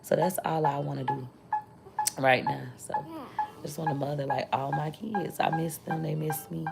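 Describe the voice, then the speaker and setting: Mom streamer lady, low creaky gravelly voice, rambling candid chat, loud music going behind her. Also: huge pitch swings, moderate pace. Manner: candid, rambling, thanks viewers between thoughts. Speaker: content creator and mother. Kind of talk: casual livestream chat with viewers.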